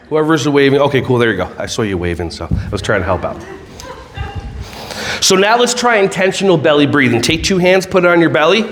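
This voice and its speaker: A man giving a lively, joking keynote talk to a conference audience, drawing them in with questions and then guiding them through slow breathing. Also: sits high. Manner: animated, jokey, audience-involving; slow soothing breath-work guidance. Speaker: keynote speaker.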